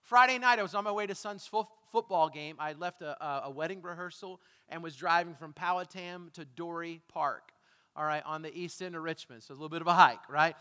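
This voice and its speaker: A man's voice: on the high side, brisk, sharp tone, clean tone, long reverb tail. A man preaching a sermon as pastor, talking conversationally, asking the congregation questions and making self-deprecating asides. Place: church sanctuary.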